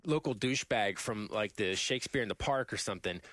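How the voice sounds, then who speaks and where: A man co-hosting a podcast in casual chat, telling stories in a rambling, animated way with many restarts. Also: on the low side, brisk, dry recording. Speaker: podcast co-host.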